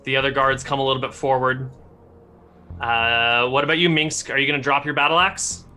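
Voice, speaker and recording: A man's voice: medium pitch, brisk, soft background music. A man running a tabletop game, describing the scene and the characters' actions. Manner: descriptive, steady narration of scenes. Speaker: game master.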